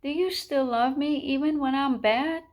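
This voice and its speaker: Woman reading as a tiny worried boy chick, squeaky and pleading, storybook voice. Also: expressive, takes it slowly, a little mellow. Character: small young boy chick, anxious and needy.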